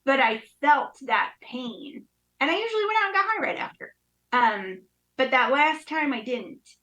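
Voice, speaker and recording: A woman's voice: high voice, lively intonation, moderate pace, pushed and bright, poor audio. Candid woman sharing emotionally. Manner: candid, emotional, many fillers. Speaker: guest. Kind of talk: casual chat.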